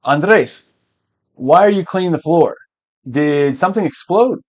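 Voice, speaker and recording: Man doing a puzzled office boss, questioning, mildly stern, slow. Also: a little high, expressive.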